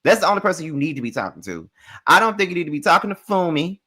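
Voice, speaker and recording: A young man hosting a casual reality show recap, telling it in an animated, sassy way full of swearing. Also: a little high, very fast. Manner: animated, profane, sassy retelling.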